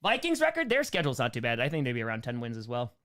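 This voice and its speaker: A young man from New York chats casually through a live Q&A, thanking donors in quick bursts. His voice swings lively up and down as he riffs. The talk stays loose and upbeat. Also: mid-range voice. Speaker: livestream host answering superchats.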